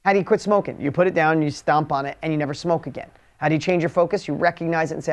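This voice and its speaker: A man's voice: on the high side, fairly even intonation, racing, hardly any pauses. Male motivational speaker and trainer, emphatic and punchy, drills key lines, casual swearing. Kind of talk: motivational talk to a member group.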